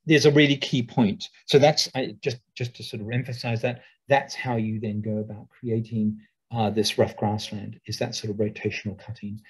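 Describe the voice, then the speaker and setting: Over a video call, a man who owns a nature reserve gives a webinar talk in a fairly low, husky voice, and the audio is poor. His delivery is relaxed and rambling, full of ums and restarts.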